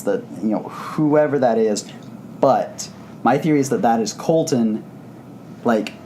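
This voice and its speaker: A man's voice: mid-range voice, mellow, slight background noise. A man co-hosting a podcast, talking casually and enthusiastically about comics, rambling with frequent restarts. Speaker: podcast co-host. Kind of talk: casual comic book discussion.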